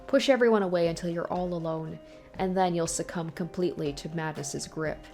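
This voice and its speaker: A woman's voice: on the low side, warm tone, faint music behind, close to an everyday voice. A woman reading a visual novel aloud, voicing the taunting ghost of a cruel old tyrant. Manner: sneering, taunting, slow and menacing.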